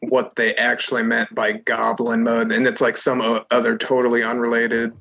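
A man's voice: medium pitch, completely flat delivery, normal speed, gravelly, pushed and bright. A man co-hosting a podcast, reacting with sardonic wisecracks in casual chat. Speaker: podcast co-host. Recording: slightly dull sound, faint noise.

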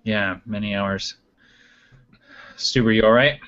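A man at a tabletop game relaxes into describing his character's actions. His voice has a bright, forceful edge, and the recording sounds dull and lo-fi. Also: on the low side, steady tone, slow. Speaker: player. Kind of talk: casual tabletop role-play.

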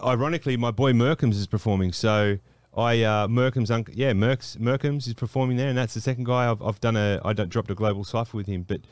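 A man's voice: mid-range voice, fairly quick, no room sound. A man from Australia, guesting on a casual radio show, upbeat and laughing easily.

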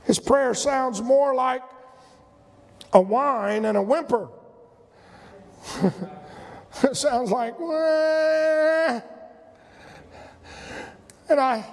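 A man preaching a sermon in a church, animated and breaking into loud emphatic shouts, sometimes mimicking whiny prayers. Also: extremely high pitch, slow pace, creaky, pauses often, in a large hall. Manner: acts out whiny prayers in a mocking voice.

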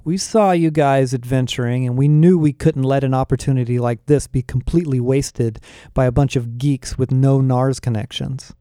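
A man's voice: medium pitch, steady tone, moderate pace, warm tone, clear, resonant tone, no echo, clean studio sound, lightly acted. A man voicing a smug teenage rich boy who slurs and sniggers. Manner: slurring, sniggering. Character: smug male teen rich kid.

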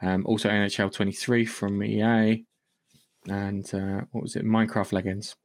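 A man's voice: fairly low pitch, flat delivery, normal speed. Rambling male podcast host with a cough. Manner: rambling, full of fillers and restarts. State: coughing now and then. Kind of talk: casual gaming news chat.

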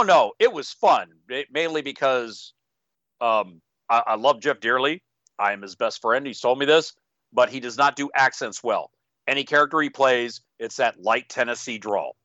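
A man chatting casually about running tabletop games, telling his stories with animated, playful voices. His voice is bright and forward. The sound is dry and a little dull, as if from a modest mic. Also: mid-range voice, dry recording. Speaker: game master and podcast co-host. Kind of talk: casual chat.

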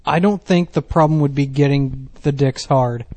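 A man's voice: medium pitch, moderate pace, warm tone. A man chatting crudely on a podcast, giving short, dry replies. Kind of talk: crude casual banter.

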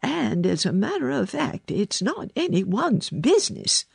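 A gruff old gardener in a storybook, stern and plain-spoken, his words drawn out slowly, as a woman reads him. The voice has a gravelly, husky edge and sounds close and dry. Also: fairly high pitch, very animated, darkish tone, no echo, pitched above the performer's own voice, full character voice. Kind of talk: storybook reading.

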